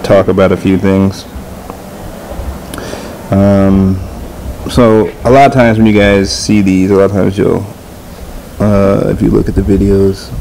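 A man talks in a relaxed, rambling way, often stopping to correct himself. His voice sits a little low. He is outdoors, with clear yard noise around him. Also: low-quality recording. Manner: rambling, self-correcting, talks baby talk to his dogs. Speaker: dog kennel owner. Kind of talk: casual vlog chat.

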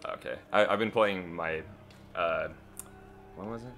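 A man's voice: low-pitched, unhurried, fairly bright tone, a little hiss or hum. A man co-hosting a casual gaming commentary, laid-back, making dry remarks. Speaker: gameplay co-host.

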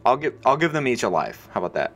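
A man hosting a let's play, chatting casually while he plays. He jokes around and stops to explain how the game works in long, rambling stretches. His voice sits at an ordinary pitch for a man. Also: big pitch swings, fast, a bit bright. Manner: joking, explains game rules at length. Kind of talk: casual gaming commentary.

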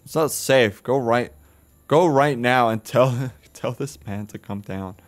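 A man's voice: medium pitch, measured pace. A man playing a horror game on his channel, reading its text aloud and reacting with swearing and jokes. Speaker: gaming video host. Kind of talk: casual horror game commentary.

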